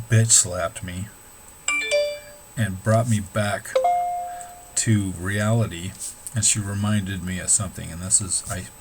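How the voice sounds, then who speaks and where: A man's voice: lowish voice, background noise. A middle-aged man, an amateur musician, talking casually and candidly, swearing freely and rambling with restarts. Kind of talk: casual talk to camera.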